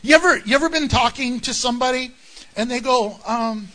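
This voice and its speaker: A man preaching a sermon in an animated, conversational way, with jokes and asides to the congregation. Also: extremely high pitch, brisk. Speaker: pastor.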